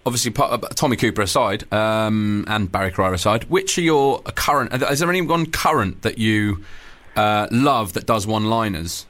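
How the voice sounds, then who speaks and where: A man's voice: fairly low pitch, moderate pace, a bit bright. A man hosting a casual radio interview, chatty and jokey with his guest. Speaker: radio host.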